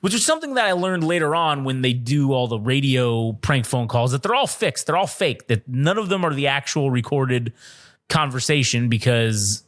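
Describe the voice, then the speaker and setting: A man co-hosting a podcast, telling a story in an animated, profane way and laughing often. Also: medium pitch, moderate pace. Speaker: podcast co-host. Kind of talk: casual storytelling chat.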